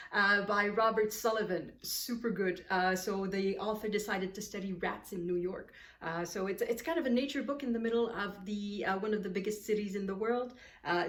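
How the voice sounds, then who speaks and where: A woman vlogging casually about her books, thinking aloud and correcting herself as she sorts them onto her shelves at home. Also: mid-range voice. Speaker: book vlogger. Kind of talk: casual chat sorting books. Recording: roomy echoey room.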